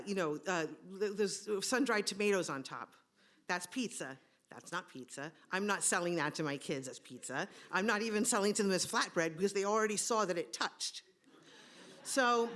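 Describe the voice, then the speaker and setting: A woman's voice: mid-range voice, a bit bright. Woman storyteller, live stage mic, wry and comic, fumbles for words now and then. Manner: wry, comic, searching for words mid-sentence.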